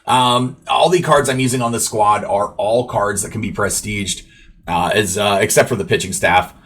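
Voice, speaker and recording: A man's voice: fairly low pitch, moderate pace, fairly bright tone. A man casually narrating his own baseball video game match, rambling play-by-play full of fillers and asides to viewers. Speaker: gaming YouTuber. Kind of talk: gameplay commentary.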